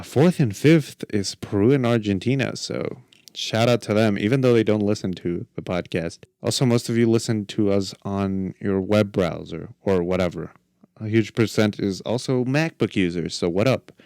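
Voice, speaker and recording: A man's voice: fairly low pitch, moderate pace, darkish tone, dry recording, clean studio sound. A man in his twenties hosting a podcast solo, rambling casually with lots of fillers and jokes. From Mexico. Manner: rambling, filler-heavy, joking. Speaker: podcast host.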